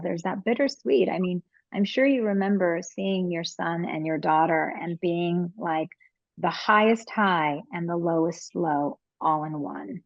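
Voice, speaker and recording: Woman, gravelly voice, slightly low, earnest and reflective, repeats phrases for emphasis, dry slightly dull recording. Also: moderate pace, dry recording. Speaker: podcast guest on motherhood and postpartum. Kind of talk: reflective conversational advice.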